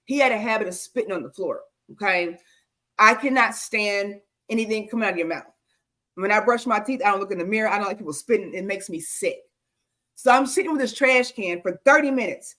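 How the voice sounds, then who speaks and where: A woman's voice: a little high, a little fast. A woman co-hosting a talk show on senior care, telling stories with exclamations, lots of fillers. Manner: animated, exclaiming, with many fillers. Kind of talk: casual storytelling chat.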